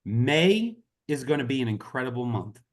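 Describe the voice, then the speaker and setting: Man, motivational team call, earnest, impassioned, mid-pitched voice, video call audio. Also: sing-song, moderate pace. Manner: earnest, impassioned, repeats "y'all". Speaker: network marketing team leader. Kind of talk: motivational talk on a group call.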